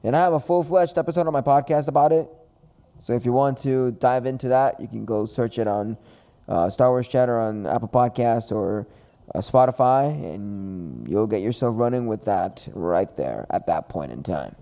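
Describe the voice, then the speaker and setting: A man's voice: mid-range voice, normal speed, warm tone. A man hosting a podcast in casual chat, rambling and repeating himself with frequent laughs. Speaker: podcast host.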